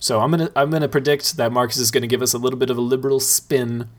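A man's voice: mid-range voice, fairly even intonation, very fast. Brief: man, podcast host, casual, thinks aloud, mid-range voice. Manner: thoughtful, rambling with restarts. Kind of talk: casual chat.

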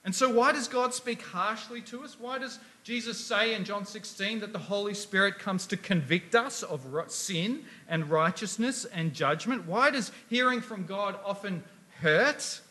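A man delivers a sermon in a high, bright voice. He talks with emphasis, and he keeps putting rhetorical questions to his listeners. He reads passages of scripture aloud as he goes. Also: unhurried, hardly any pauses. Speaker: preacher.

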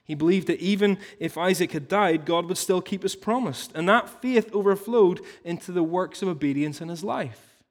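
A man's voice: high-pitched, normal speed. A man preaching a sermon in an earnest teaching tone, explaining through stories and rhetorical questions. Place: church hall. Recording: long reverb of a large hall.

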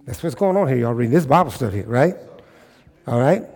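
A man's voice: mid-range voice, expressive, a little fast, a little mellow. A pastor preaching a sermon, emphatic, repeating phrases and checking in with his listeners.

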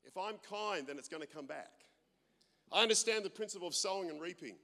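A man preaches with a naturally loud, animated delivery and pokes fun at himself as he tells stories. His voice sits high for a man. The sound carries a long reverb from a large hall. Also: brisk, creaky. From Australia. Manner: loud, animated, self-deprecating humor. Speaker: pastor. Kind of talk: sermon with storytelling.

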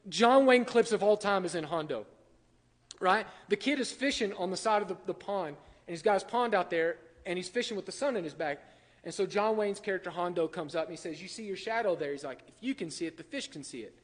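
A man with a high-pitched voice preaches a sermon and talks it through with the congregation, turning to them with questions. The sound rings with the long echo of a church hall. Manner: conversational, asks the congregation questions. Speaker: pastor.

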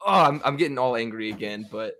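A young man co-hosting a casual sports podcast, animated and swearing as he gets worked up about games. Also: medium pitch, normal speed.

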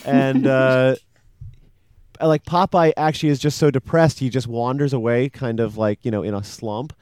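A man co-hosting a podcast in casual chat, rambling and animated as he recaps a cartoon. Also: mid-range voice, moderate pace, clean tone, no echo. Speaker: podcast co-host.

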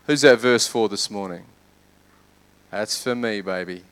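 A male pastor preaching a sermon, moving between lively urging and hushed prayer. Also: medium pitch, unhurried, long pauses, smooth. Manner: animated, swings from loud urging to hushed prayer.

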